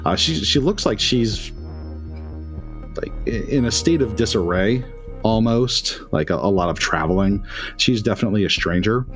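A man's voice: on the low side, animated, normal speed, a bit bright, soft background music. A man narrating a tabletop game as game master, with loose, filler-heavy phrasing.

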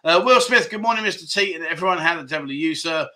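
A man with a bright, forceful, slightly high voice hosts a relaxed livestream. He greets viewers by name in a cheerful, chatty way and chuckles between comments. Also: fast. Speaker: livestream host. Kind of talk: casual livestream chat reading comments.

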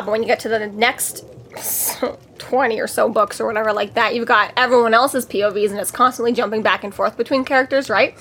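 A woman's voice: on the high side, steady tone, quick pace, a bit bright, slight background noise. A woman co-hosting a podcast in casual book-discussion chat, rambling and swearing freely. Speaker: podcast co-host.

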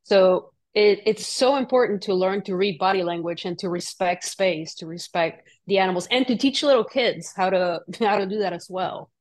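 A woman's voice: mid-range voice, normal speed, hardly any pauses. A woman hosting a podcast, speaking earnestly in casual conversation and explaining with fillers like "right?". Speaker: podcast host.

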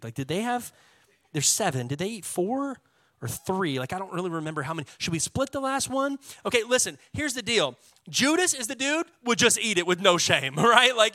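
High, bright-voiced Texan pastor preaching. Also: male voice, no echo. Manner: lively, casual preaching with call-and-response. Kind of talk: sermon.

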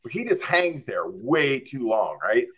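This man's medium-pitched voice is sing-song, a bit bright and slightly rough, at a measured pace. Guesting on a podcast, he shares a casual story, acting out how he reacted with frequent "like" and "I'm just like."

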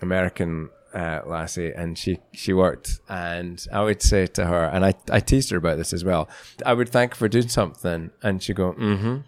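A man hosting a podcast in casual interview chat, playful and teasing and quick to laugh. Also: deep voice, no room sound. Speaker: podcast host.

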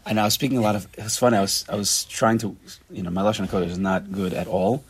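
Man teaching a casual Torah class, husky. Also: on the low side, quick pace. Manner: animated, repeats himself, mixes in Hebrew and Yiddish terms.

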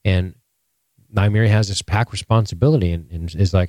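Man, lowish voice, excitable, swears a lot, casual recap chat, dry close mic. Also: a little fast, no room sound. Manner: profane, excitable, animated. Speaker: podcast co-host. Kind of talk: casual live-stream show recap chat.

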